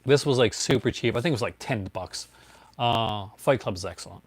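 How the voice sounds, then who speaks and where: A man's voice: medium pitch, brisk, slightly rough. This is a man in an easygoing show-and-tell, chatting loosely, chuckling often and calling out to viewers by name. His voice sits in a middling register. The sound is dry and close, with no room echo. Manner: chatty, rambling, laughs often, greets viewers. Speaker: collector showing his discs. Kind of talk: casual livestream show-and-tell.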